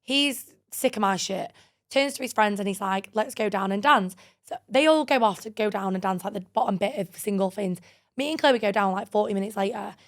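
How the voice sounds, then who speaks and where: A woman in her twenties co-hosts a podcast, speaking briskly in a mid-range voice. Animated and full of "like," she tells a dating story in casual chat, acting out what people said.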